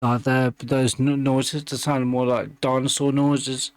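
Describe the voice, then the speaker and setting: Halting, excitable man with a dry sound. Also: medium pitch, no room sound. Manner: halting, full of restarts and fillers, enthusiastic. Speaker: music reaction host. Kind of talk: casual reaction commentary.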